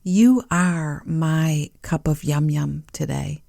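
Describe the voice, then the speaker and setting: Slow, mellow-voiced woman podcast host. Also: deep voice, vocal fry, dry recording, studio quality. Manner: soft, warm-hearted, musing, with playful asides and small laughs. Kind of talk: gentle reflective talk to listeners.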